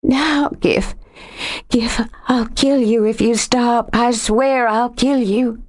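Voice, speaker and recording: A high, sharp-tongued young woman full of pride and temper, as a woman narrator puts her on. Her voice leaps upward and snaps with indignation in this audiobook scene. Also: steady tone, takes it slowly. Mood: breathless, passionate. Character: fiery proud young woman.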